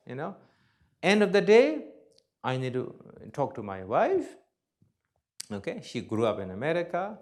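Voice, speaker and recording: Blunt, joking Buddhist teacher, a man. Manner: blunt, joking, plain-spoken with broken English grammar; swings between loud emphatic bursts and soft low asides. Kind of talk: dharma talk to an audience.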